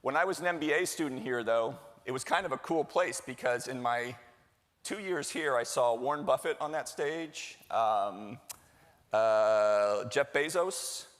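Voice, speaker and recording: A middle-aged man with a mid-range, slightly bright voice delivers opening remarks as executive director, welcoming a live conference audience in a chatty, jokey way. He works the crowd by quizzing them with questions, and his voice carries the long reverb of a large hall full of people.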